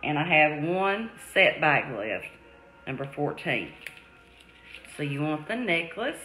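A woman hosting a live jewelry sale, chatting warmly with viewers and calling them sweetie, love and darling. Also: sits low, big pitch swings, takes it slowly, faint music behind. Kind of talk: live-stream selling chat. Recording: echoey room.

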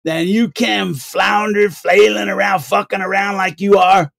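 A man voicing a brash seventy-year-old street wino who boasts loudly and half shouts. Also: high voice, little pitch movement, measured pace, creaky, exaggerated voice. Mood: boastful.

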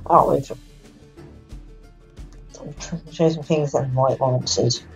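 A man's voice: medium pitch, fairly even intonation, takes it slowly, gravelly, faint music behind, low-quality recording. A man casually mumbling offhand commentary while playing a strategy game.

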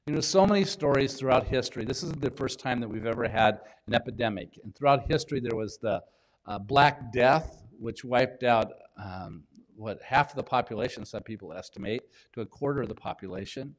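A man, a pastor, giving a sermon in a conversational, unhurried way, with pauses and small restarts. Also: medium pitch. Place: church in Washington State.

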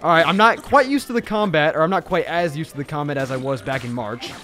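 A young man from Illinois chatting casually as he streams a game live on a boom-arm mic, excitable and shouting during fights. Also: fast, faint music behind. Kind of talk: casual live gameplay commentary.

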